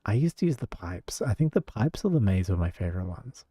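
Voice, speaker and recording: A man's voice: on the low side, very animated, a little fast, husky, no room sound, clean studio sound. A man with an Australian accent, chatting casually on a live stream, rambling and laughing often. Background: loud music.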